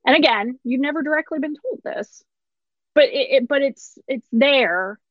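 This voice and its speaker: A woman's voice: high-pitched, normal speed, no room sound, lo-fi sound. A woman in her thirties, a pharmacist, candidly telling a personal story with short laughs through hard moments.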